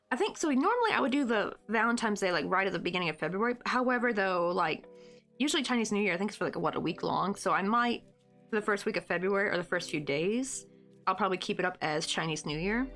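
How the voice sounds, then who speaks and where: A chatty woman with a Southern American accent talks loosely through a live stream, wandering between thoughts with plenty of "like" and "um". Her voice sits at an ordinary middle pitch for a woman, with faint music playing softly behind her. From United States. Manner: rambling, chatty, full of "like" and "um", reads out chat comments. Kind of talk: casual live stream chat.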